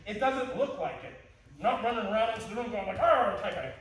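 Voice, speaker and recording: High-voiced playful male instructor. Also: fast. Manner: playful, joking, restarts often. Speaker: martial arts instructor. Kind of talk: teaching a class. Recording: echoey hall, distant mic.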